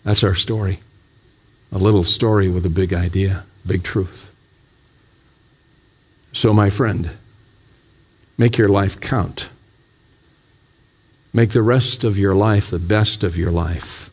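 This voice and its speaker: A man's voice: low voice, steady tone, slow pace, pauses often, breathy edge. A man, a pastor, preaching a sermon in a church, putting question after question to his congregation and building to fervent, raised appeals. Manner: asks the congregation repeated rhetorical questions.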